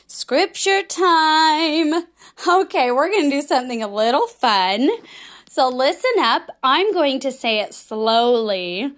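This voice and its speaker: A woman teaching a children's class, speaking slowly and with exaggerated, bubbly emphasis for young kids. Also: sits high, lively intonation, soft background music. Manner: bubbly, frequent laughs. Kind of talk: children's lesson, sing-along.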